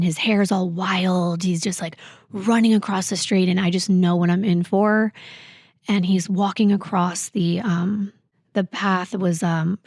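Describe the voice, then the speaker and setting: A woman guest on a podcast, recounting a painful personal story in a halting, reflective way full of fillers. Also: on the low side, a little mellow, no echo, studio quality.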